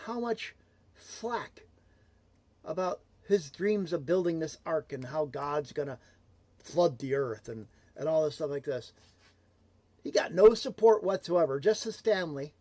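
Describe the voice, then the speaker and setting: Man, motivational speaker, high voice, emphatic, loud then hushed, dry close sound. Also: measured pace, no room sound. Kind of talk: motivational livestream talk.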